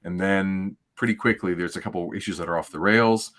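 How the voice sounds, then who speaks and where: Deep-voiced man, laid-back comics chat. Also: fairly even intonation, a little fast, fairly bright tone. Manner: rambling, laid-back, frequent fillers. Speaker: podcast co-host. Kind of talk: casual livestream chat.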